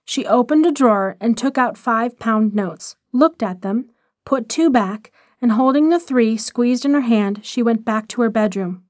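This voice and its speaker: A woman narrating a short story in a measured, expressive reading. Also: on the high side, no room sound, studio quality.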